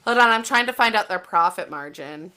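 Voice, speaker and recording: A woman co-hosting a casual podcast, animated and giggly as she reads out a news story. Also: mid-range voice, fairly quick. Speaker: podcast co-host. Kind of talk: casual chat.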